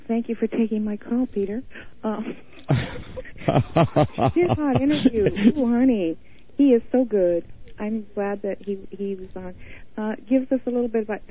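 Campy caller on a tinny phone line. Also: male voice, high-pitched, normal speed, husky. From Montana. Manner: campy, flamboyant, says honey a lot. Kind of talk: phone-in chat.

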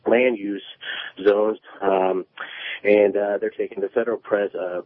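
A man calling a radio show on speakerphone, speaking haltingly with many fillers. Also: lowish voice, steady tone. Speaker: caller. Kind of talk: call-in announcement. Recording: tinny speakerphone line.

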